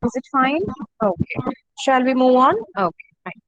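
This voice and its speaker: A woman teacher, speaking in a slightly high voice over a video call. She repeats each word slowly and patiently for her students. The sound is dry and close, with no room echo. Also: muffled recording. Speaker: French teacher. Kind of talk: online class lesson.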